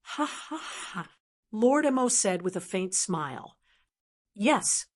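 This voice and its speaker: A woman narrates a fantasy novel for an audiobook. Her delivery is steady and plain, and her voice sits at a middle pitch.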